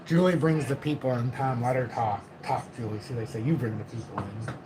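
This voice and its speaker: A middle-aged man hosting a casual livestream from home, reading viewer comments in a deliberately low, calm voice. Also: crowd noise, rough recording. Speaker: livestream host.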